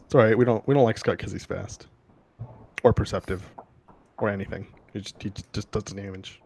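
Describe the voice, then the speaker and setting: A man at a tabletop game making quick, self-deprecating asides. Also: lowish voice, steady tone, creaky, a little mellow, a little hiss or hum. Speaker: player. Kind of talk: casual tabletop game talk.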